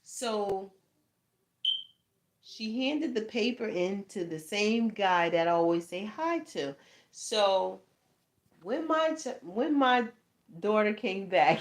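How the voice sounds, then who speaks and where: A woman in her thirties telling a casual story to her channel, animated and laughing, swearing freely, often asking "you know what I'm saying". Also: medium pitch, takes it slowly, pauses often. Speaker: tarot channel host.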